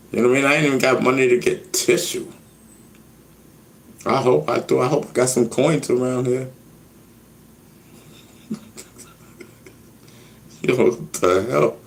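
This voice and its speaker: Rambling man livestreaming from home. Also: medium pitch. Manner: rambling, repeats "you know what I mean"; gets loud and shouty when worked up. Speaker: livestream host. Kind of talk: casual livestream chat.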